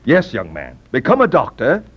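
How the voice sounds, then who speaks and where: A fussy old hypochondriac. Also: male voice, mid-range voice, huge pitch swings, moderate pace, breathy edge. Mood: hesitant. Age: older. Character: fussy older hypochondriac father, suspicious, easily swayed. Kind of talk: vintage stage-play acting. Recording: muffled lo-fi old recording with faint room hiss.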